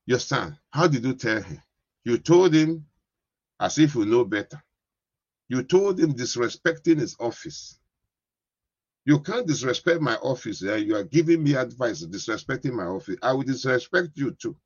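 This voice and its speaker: A man's voice: mid-range voice, animated, moderate pace, husky, no room sound, highs cut off. A man preaching a sermon as a pastor, repeating himself and often asking the congregation if they understand. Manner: repetitive, keeps asking "you understand?".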